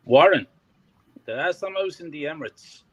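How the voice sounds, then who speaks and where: A man's voice: a little high, brisk, husky, lo-fi sound. A man, co-hosting a casual fan chat and telling heated, expletive-filled stories. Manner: swearing heavily, heated and animated storytelling. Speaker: co-host of a fan podcast.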